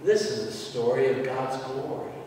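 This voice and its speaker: A man preaching a sermon as pastor, emphatic and dramatic, with sudden loud outbursts. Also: medium pitch, lively intonation, moderate pace, background noise. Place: church sanctuary. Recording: echoey church hall from far off.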